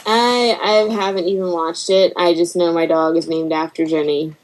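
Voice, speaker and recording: A woman's voice: fairly low pitch, moderate pace, poor audio. A woman guest on a podcast, chatting casually and acting out the voices in her stories. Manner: animated storyteller, acts out quotes and barking. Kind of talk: casual chat.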